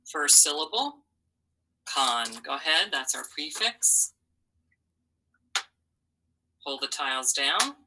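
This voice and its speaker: A woman's voice: low voice, animated, a little slow, background noise. A woman teaching a phonics lesson to children, patiently sounding out letters and syllables and encouraging them.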